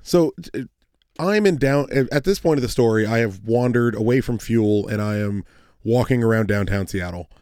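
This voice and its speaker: Lower-pitched man telling a rowdy story. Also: normal speed, smooth, dry recording, studio quality. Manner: animated, swearing, laughing storyteller. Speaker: podcast co-host. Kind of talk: casual chat, storytelling.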